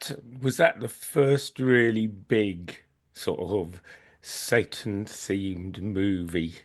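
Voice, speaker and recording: A man's voice: fairly low pitch, takes it slowly. A man co-hosting a podcast, speaking thoughtfully and hesitantly, often repeating words as he looks for the right phrase. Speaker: podcast co-host. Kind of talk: casual chat.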